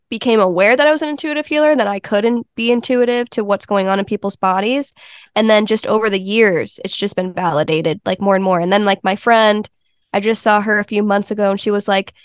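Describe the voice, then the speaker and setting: In a casual interview, a woman who works as an Ayurveda health counselor and intuitive healer tells stories in an earnest, chatty way. Her mid-range voice is smooth and fairly quick, captured in a dry, studio-quality recording.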